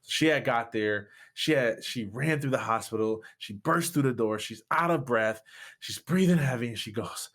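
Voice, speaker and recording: Interview guest, male pastor from Michigan. Impassioned storyteller, average pitch. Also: normal speed, fairly bright tone. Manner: impassioned, voice rising sharply at peaks.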